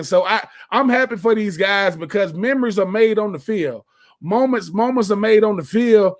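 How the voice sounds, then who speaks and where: A man with a strikingly high voice talks sports on the radio. He is emphatic and folksy, hammering points home with repeated phrases and quick restarts, like a former player holding court. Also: a bit bright.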